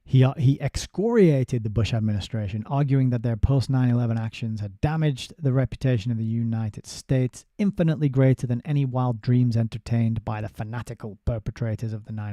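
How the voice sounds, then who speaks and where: A man's voice: mid-range voice, a little fast, hardly any pauses, warm tone, dry recording. A man giving a casual spoken book review. He reads passages aloud, breaks off into sardonic asides and often restarts his sentences.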